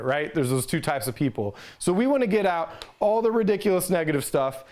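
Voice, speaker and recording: A man leads an instructional talk on handling stress, speaking in a slightly raised register. His delivery is casual and conversational, and he often checks in with a quick "right?" as he goes. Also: on the high side, sing-song, a little mellow. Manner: conversational, ends points with "right?". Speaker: resiliency trainer.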